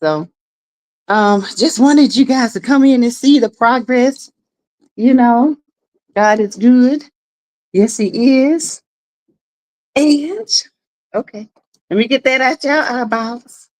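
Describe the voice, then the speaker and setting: Slow, chatty woman streaming from home. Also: fairly high pitch, a little mellow. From South Carolina. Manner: chatty, greets viewers by name, laughs often. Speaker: livestream host. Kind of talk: casual live chat.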